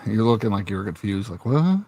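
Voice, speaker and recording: A man's voice: on the low side, normal speed, slight background noise. A man hosting a casual chat, retelling scenes with lots of swearing and laughter. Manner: animated storyteller, swears freely, laughs often. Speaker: host.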